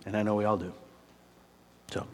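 A male pastor giving a sermon, telling a story and then praying quietly and earnestly. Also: lowish voice, level tone, moderate pace. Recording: long hall reverb.

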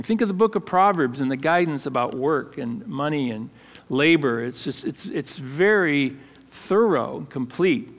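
A man pastor giving a conversational sermon, halting with fillers and restarts. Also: fairly high pitch, fairly bright tone, in a large hall.

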